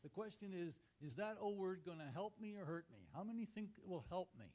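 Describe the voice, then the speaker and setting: A man's voice: high voice, expressive, fairly quick, a little mellow. A man, a professor from Canada, speaking casually at a panel and polling the audience with jokes. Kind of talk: panel discussion remarks.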